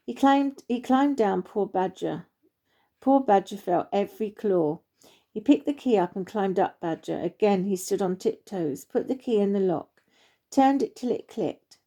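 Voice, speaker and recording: A woman narrating a children's story in a warm, expressive storytelling manner. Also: medium pitch, unhurried.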